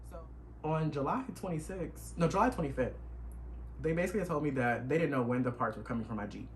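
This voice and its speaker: A young man, retelling a stressful road trip in an animated, emotional storytime vlog. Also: on the high side, quick pace, slight background noise. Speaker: vlogger. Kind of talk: casual storytime.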